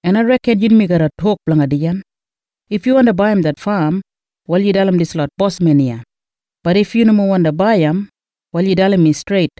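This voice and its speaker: A man voicing Boaz, a firm and fair man of standing, in an Australian Kriol accent, with steady, measured speech. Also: sits high, no room sound, lightly acted. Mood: earnest. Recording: dull lo-fi dry recording.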